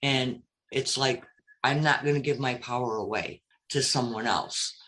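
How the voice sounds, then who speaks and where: A man's voice: medium pitch, a little slow, bright, forceful tone. A man with a mid-range voice joins a casual online group chat as a guest. He speaks in a reflective, searching way. He circles back and restarts as he works through his thoughts. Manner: reflective, hesitant, many fillers and restarts. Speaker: roundtable guest.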